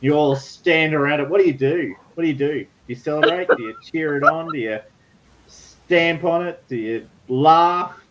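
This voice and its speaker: Animated man running a tabletop game. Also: a little high, normal speed, muffled recording, very noisy. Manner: animated, chatty. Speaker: game master.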